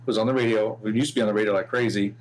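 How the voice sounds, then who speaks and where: A man's voice: on the low side, fairly even intonation, very fast, a little hiss or hum. A middle-aged man, a DJ being interviewed, talking in an easygoing, casual way with lots of "you know" fillers. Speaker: DJ guest.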